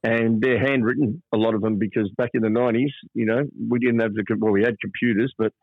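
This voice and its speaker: An older Australian man and podcast co-host, telling stories in a casual, animated way. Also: mid-range voice, quick pace, dry recording. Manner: animated storyteller who acts out quoted voices. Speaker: podcast co-host, player manager. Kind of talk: casual storytelling chat. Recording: dry, phone-like narrow sound.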